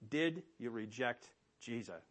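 A man's voice: mid-range voice, lively intonation, takes it slowly, a bit bright. A man preaching a sermon as pastor, emphatic and asking rhetorical questions of his listeners.

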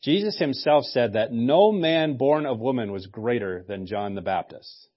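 A man's voice: medium pitch, lively intonation, measured pace, muffled recording. A male pastor preaching a sermon in a conversational way, with joking asides.

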